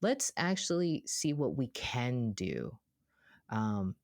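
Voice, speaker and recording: A therapist co-hosts a casual podcast, talking at a middle pitch through easygoing stories. Bits of dialogue get acted out with jumps in voice. The sound is dry and close, with no room around it. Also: slow, dry recording. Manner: animated storyteller who acts out quoted voices.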